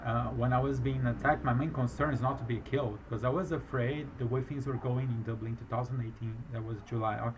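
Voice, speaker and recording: A business owner recounting a fraud case in a rambling, halting way, with a foreign accent and many restarts. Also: male voice, medium pitch, steady tone, lo-fi sound, background noise. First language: not English, speaks with a foreign accent. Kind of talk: emotional personal account.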